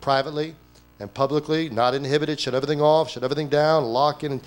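A man preaching a sermon at a church service, animated, acting out quoted voices and firing off rhetorical questions. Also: a little high, quick pace, soft background music. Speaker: pastor.

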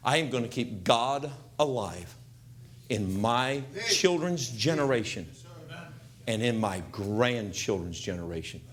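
An older man preaching a comic storytelling sermon, acting out scenes and shouting voices loudly. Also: medium pitch, measured pace. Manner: animated, acts out scenes with loud shouts.

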